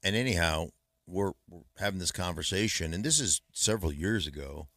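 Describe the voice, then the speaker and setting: A man guesting in a radio studio, telling stories in a lively, casual way. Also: low-pitched, brisk, dry recording. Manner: storytelling, animated. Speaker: guest, former player and radio host. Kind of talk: casual chat. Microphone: studio mic.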